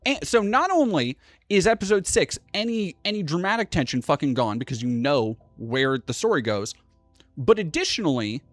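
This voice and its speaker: A man's voice: on the high side, very animated, normal speed, no room sound. Brief: young man streamer, swears freely and rambles, dry close sound, faint music underneath. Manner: profane, rambling rant. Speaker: livestream host. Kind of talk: casual livestream chat.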